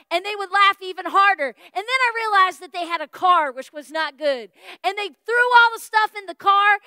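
A woman pastor, telling a story in a sermon with folksy, animated delivery and acted-out dialogue. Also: very high-pitched, no room sound, clean studio sound. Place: church.

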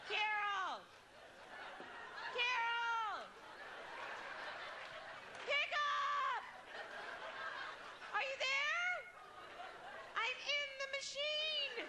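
High-voiced woman doing stand-up. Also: bright, forceful tone, a little hiss or hum. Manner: chatty, self-mocking, quick asides to the crowd. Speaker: stand-up comedian. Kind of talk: stand-up comedy set. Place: comedy club stage.

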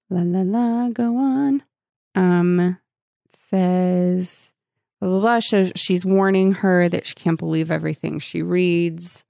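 A woman's voice: fairly low pitch, takes it slowly, gravelly, mellow, no echo, studio quality. A woman co-hosting a podcast in casual chat, reading book passages aloud and swearing casually. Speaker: podcast co-host.

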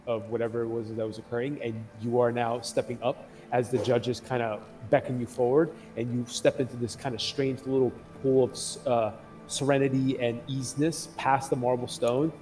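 A man's voice: medium pitch, flat delivery, normal speed, dark tone, soft background music. Rambling man running a tabletop game. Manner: rambling, filler-heavy description. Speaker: game master.

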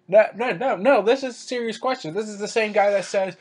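A man's voice: high-pitched, moderate pace, a little mellow. A man ranting sarcastically to camera in a vlog, crude and full of stammered restarts. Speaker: wrestling commentary vlogger. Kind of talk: opinion rant to camera.

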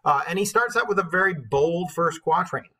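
A man's voice: on the high side, animated, normal speed, pushed and bright. A man teaching a class on a poem, explaining in a casual way with many fillers and reading the verse aloud.

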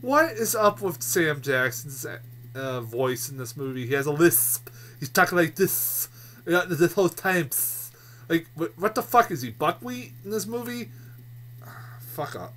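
A man's voice: a little high, sing-song, normal speed, sharp tone. A man giving a casual, exasperated film review, swearing often and laughing in disbelief as he rants.

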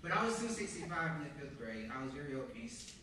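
A young man from Georgia, preaching a sermon as a ministry student, telling his story with animated energy that builds to emphatic preaching. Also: fairly high pitch, quick pace, slight background noise. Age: young adult. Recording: echoey hall heard from a distance.

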